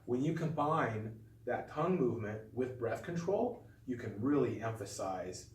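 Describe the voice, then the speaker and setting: A man teaches in a calm, patient way, talking students through each technique step by step. His mid-pitched voice sits some distance from the mic. The room around him rings with a clear echo. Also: moderate pace. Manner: calm, patient, demonstrative explaining. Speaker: flute teacher. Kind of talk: instructional video lesson. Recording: echoey room, voice a bit off-mic.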